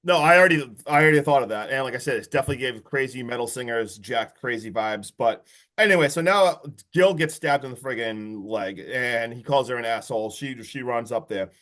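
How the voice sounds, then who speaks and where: A man on a podcast excitedly retelling a horror movie's plot in a rambling, casual way. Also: medium pitch, brisk. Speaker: podcast co-host.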